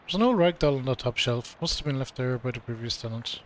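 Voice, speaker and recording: A man's voice: mid-range voice, expressive, quick pace, a little hiss or hum. A man streaming a game, reading its dialogue aloud in a casual, playful way with mock old-fashioned delivery. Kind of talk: let's play commentary, reading game text aloud.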